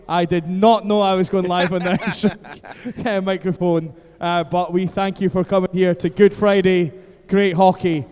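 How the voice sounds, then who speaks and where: A man's voice: high voice, fairly even intonation, measured pace, few pauses, a little mellow. A man announcing over the public address at an ice rink, joking and laughing between lines. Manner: jokey, laughing asides. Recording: long arena reverb.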